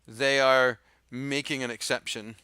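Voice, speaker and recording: A man's voice: medium pitch, little pitch movement, a little slow, a crowd in the background. A young man narrating as game master, describing the action in a storytelling way with frequent fillers.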